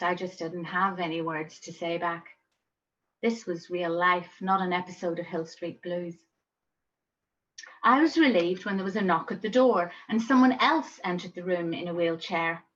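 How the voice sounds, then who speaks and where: Woman telling a story from home, wry and thoughtful, dull lo-fi audio. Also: fairly low pitch. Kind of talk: personal storytelling.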